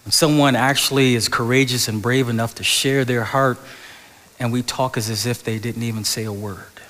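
A middle-aged male pastor preaching a sermon, moving between loud animated stretches and soft, hushed passages, in a church sanctuary. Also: mid-range voice, normal speed. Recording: large hall with long reverb.

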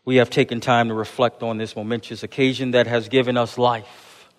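A man's voice: mid-range voice, level tone, a little fast. A man preaching an Easter sermon to his congregation in a church, calling them "church" and building rhythmic repeated refrains. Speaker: pastor. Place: church sanctuary. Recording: long hall reverb.

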